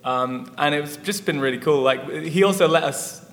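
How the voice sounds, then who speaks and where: A man's voice: a little high, normal speed, a bit bright. A man, a musician guest, chatting casually in an interview, rambling with lots of fillers. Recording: echoey hall with faint noise.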